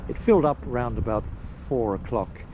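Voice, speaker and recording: A man narrating a casual travel vlog outdoors at a campsite, unhurried and rambling with pauses and fillers. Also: medium pitch, expressive, muffled recording, noisy background. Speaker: travel vlogger.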